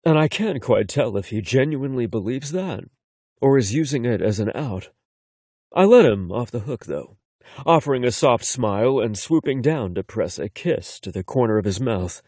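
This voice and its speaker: A man narrating a first-person romance audiobook in an expressive, conversational way. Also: mid-range voice, moderate pace, no room sound.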